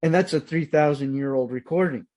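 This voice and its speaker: A man hosting a podcast interview, explaining things hesitantly and with many pauses. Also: fairly high pitch, a little mellow. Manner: hesitant, lots of uh fillers when explaining. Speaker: podcast host. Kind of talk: casual interview chat.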